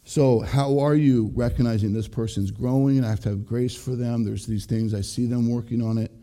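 A middle-aged pastor delivers an earnest sermon in a relaxed, conversational way, talking straight to his listeners. His voice is mellow and dark, sitting at an ordinary pitch for a man. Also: normal speed. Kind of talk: sermon on marriage.

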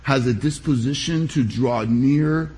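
A pastor giving a sermon, preaching in a measured, emphatic way with deliberate pauses. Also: male voice, medium pitch, darkish tone.

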